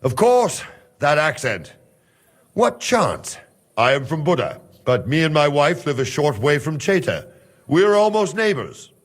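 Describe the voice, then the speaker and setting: An actor playing a cautious male guard from Hungary in a game cutscene, measured and calculating. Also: a little high, big pitch swings.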